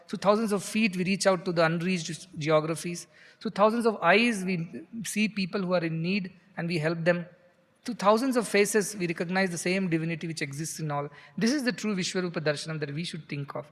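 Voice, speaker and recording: High-voiced man giving a spiritual discourse. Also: a bit bright. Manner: expounds verses, chants Sanskrit then explains. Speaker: spiritual teacher. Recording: hall reverb.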